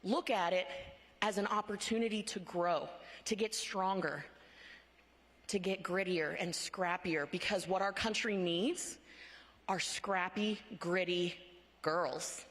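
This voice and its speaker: A woman's voice: mid-range voice, steady tone, measured pace, a bit bright. A woman giving a motivational conference speech, talking in short, punchy phrases and often checking in with a rhetorical "right?". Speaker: conference speaker. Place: large conference hall. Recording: long hall reverb from a large venue.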